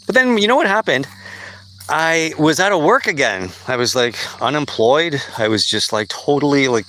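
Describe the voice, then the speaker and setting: A man's voice: a little high, animated, normal speed, sharp tone. A man hosting a podcast, telling a personal story in a blunt, profane, casual way. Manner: blunt and profane, with frequent swearing and fillers. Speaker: podcast host.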